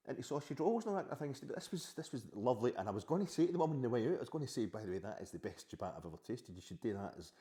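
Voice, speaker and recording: A man's voice: on the high side, warm tone. A middle-aged Scottish man hosting a podcast, rambling sheepishly in a comic monologue and answering back to his unseen wife. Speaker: podcast host.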